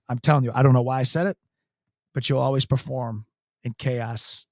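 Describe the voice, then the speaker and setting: A man's voice: mid-range voice, fairly even intonation, moderate pace, no echo, studio quality. A man, a county sheriff, telling a story in an interview, emphatic and earnest, repeating key phrases. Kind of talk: storytelling in a talk show interview.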